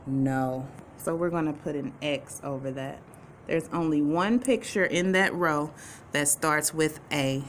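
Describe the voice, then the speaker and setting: A woman teacher giving a recorded lesson to young children, speaking clearly and patiently and drawing out letter sounds. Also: low voice, a little hiss or hum.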